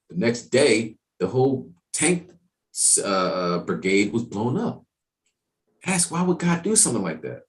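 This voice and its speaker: A man teaching an evening Bible class in a casual, streetwise way, talking in animated asides. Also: medium pitch.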